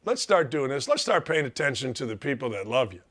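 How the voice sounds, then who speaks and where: Emotional, bright-voiced male talk host. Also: mid-range voice, very animated, brisk. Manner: heartfelt, emphatic, repetitive gratitude. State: tearful. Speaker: sports talk show host. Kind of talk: emotional monologue.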